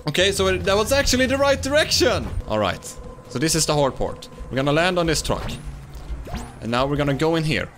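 A young man giving excitable let's-play commentary, laughing and shouting at wins and fails. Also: a little high, brisk, soft background music. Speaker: gaming YouTuber.

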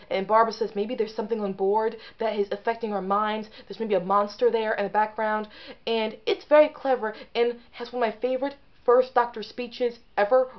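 A woman hosting a casual talking-head review, chatty and earnest, correcting herself as she goes. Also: medium pitch. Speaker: video host ranking episodes. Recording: dull lo-fi sound.

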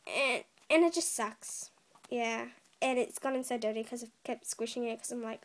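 A woman's voice: on the high side, normal speed. A teenage girl unboxing a package, giddy, exclaiming and laughing again and again. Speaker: vlogger. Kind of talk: unboxing video. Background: plastic crinkling.

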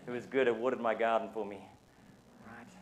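A male pastor from New Zealand with a New Zealand accent, delivering a Sunday sermon at a mid pitch. He keeps it conversational and informal, often tagging his points with a quick question to the people in the pews. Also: flat delivery. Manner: conversational, often asks the congregation "right?". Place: church service.

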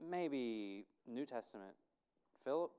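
A pastor talks through his sermon in a loose, conversational way, often pausing to quiz the congregation. His voice is smooth and clear. Its pitch sits in a medium range for a man. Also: expressive, dark tone. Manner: conversational, quizzing listeners, thinking aloud.

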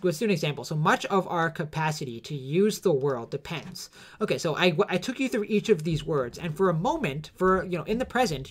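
A man giving an unscripted explanatory lecture, hesitant, with many fillers and self-corrections, and a cough. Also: fairly high pitch.

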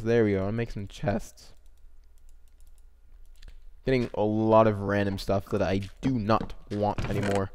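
A man's voice: on the low side, clean tone. Chatty young man rambling over gameplay. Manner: chatty and rambling, quick excited exclamations. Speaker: gamer commentating his own play. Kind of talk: casual let's-play commentary.

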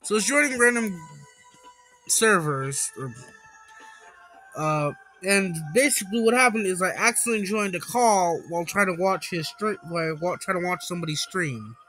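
A young man giving casual, excitable gameplay commentary who swears and breaks into high panicked yelling. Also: normal speed, faint music behind, low-quality recording. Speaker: gaming YouTuber.

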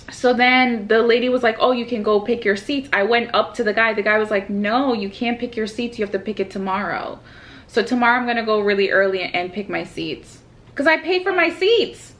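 Her voice fairly high and fairly bright, a young woman vlogs from a hotel room as she tells her family a story over a phone video call. The talk is casual and chatty, sprinkled with quick laughs.

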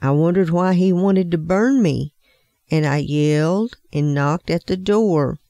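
Earnest talking teacup, once plain clay, woman reading, slow, a bit high, dry close sound. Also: warm tone, no room sound. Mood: recounting.

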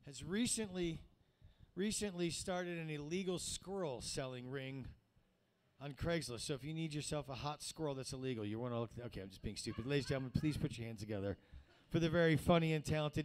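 Teasing male comedy host, clear voice. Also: a little high, fairly quick. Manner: teasing, rambling, builds to a loud hype. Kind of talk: introducing a comedian.

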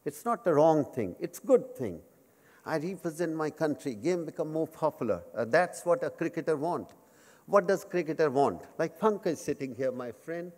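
A man in his fifties with an Indian accent, the guest at a memorial lecture, delivers a humorous speech to a live audience in simple English and Hindi, often at his own expense. His voice is a little high and a little mellow, animated at a normal speed, and the large hall gives a long reverb.

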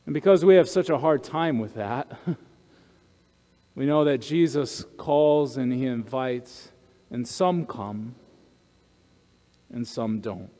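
A man's voice: mid-range voice, slow, pauses often, dark tone. A male pastor preaching a conversational sermon, often checking in with the congregation with asides. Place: church sanctuary. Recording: church sanctuary with long reverb.

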